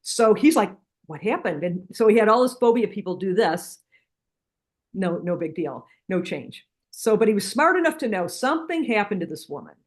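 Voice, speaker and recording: A middle-aged guest practitioner from a healing center, with a medium pitch and normal speed, talks earnestly in an interview about her techniques and experiences. She frequently restarts her sentences and livens up her stories with retold dialogue.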